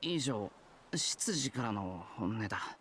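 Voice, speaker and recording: A man's voice: on the low side, expressive, moderate pace, a bit bright, a little hiss or hum. A man voicing an earnest teenage boy playing a butler in a visual novel, flustered and grumbling.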